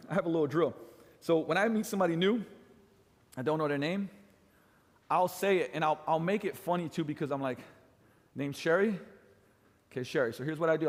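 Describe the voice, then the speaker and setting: Emphatic middle-aged male fitness coach, fairly high voice, long hall reverb. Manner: emphatic, swings pitch and loudness for effect, keeps asking "right?". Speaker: fitness coach teaching trainers. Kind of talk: energetic coaching lecture.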